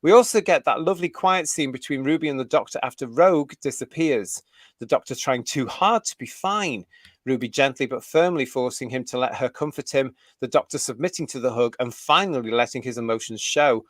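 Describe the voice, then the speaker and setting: A middle-aged British man co-hosting a fan talk show, blunt and opinionated, reading articles aloud with halting restarts. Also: mid-range voice, no room sound, studio quality. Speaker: co-host.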